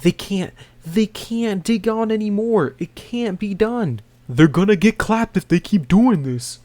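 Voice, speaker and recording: A man voicing a frantic young male soldier in a high, strained voice, as he retells a comic. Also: animated, measured pace, darkish tone, no echo. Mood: panicked. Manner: high, strained and pushed away from the mic.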